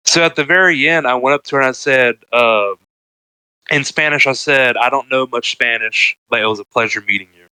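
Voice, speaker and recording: A man's voice: medium pitch, fairly quick, sharp tone, clear, resonant tone, no room sound, low-quality recording. A young man telling a story in casual podcast chat, laid-back and rambling with lots of filler words. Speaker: podcast co-host.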